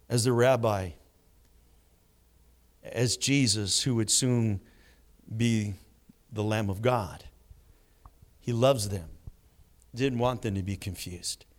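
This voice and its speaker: A man preaching a sermon, swinging between hushed moments and loud bursts. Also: medium pitch, slow, long pauses. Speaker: pastor.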